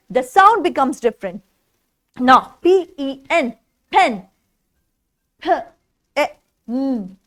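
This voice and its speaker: A woman with an Indian English accent teaches phonics to small children, spelling each word out letter by letter. Her voice is high and swoops up and down in a lively way. She speaks slowly and often asks the child questions. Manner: slow, sing-song spelling out of letters. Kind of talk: phonics lesson for young children.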